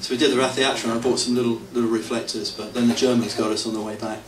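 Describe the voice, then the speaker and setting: A man's voice: mid-range voice, flat delivery, racing. A middle-aged man with a rambling, self-mocking manner, telling stories to an audience and often chuckling. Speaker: devotee telling stories at a temple anniversary. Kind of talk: anecdotal storytelling to an audience. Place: temple hall. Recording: roomy, distant hall mic with faint hiss.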